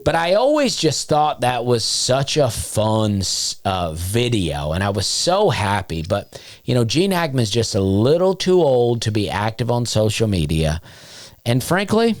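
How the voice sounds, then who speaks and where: A man with a smooth baritone telling a rambling, self-deprecating story as a podcast host. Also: very animated, unhurried, no echo. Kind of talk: casual storytelling chat.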